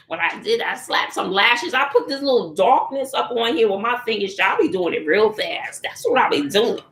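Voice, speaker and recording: A middle-aged woman from Texas hosts a casual live chat from home over a phone or computer, her voice on the high side, animated and fairly bright. She talks at a moderate pace with few pauses, laughing often and calling viewers honey and child, in a roomy space with slight background noise.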